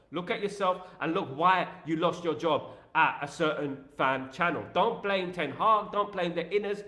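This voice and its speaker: A man with a high, bright voice hosts a live stream, talking in a lively, opinionated way and repeating himself often. He sounds roomy, with a clear echo around him. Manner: animated, repetitive and opinionated. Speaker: host of a fan live stream.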